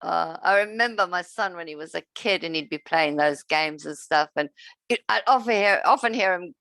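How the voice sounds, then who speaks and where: A middle-aged woman co-hosting a casual chat, telling lively stories and acting out what people said. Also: fairly low pitch, normal speed, gravelly, no echo. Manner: lively storyteller, acts out quotes. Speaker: podcast co-host.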